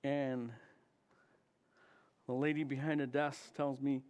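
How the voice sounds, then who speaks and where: A man who is a chaplain, telling a story of his trip to a congregation in an animated way and acting out the dialogue. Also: slow, clear, resonant tone. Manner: animated, acts out dialogue with big jumps in pitch and volume. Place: church.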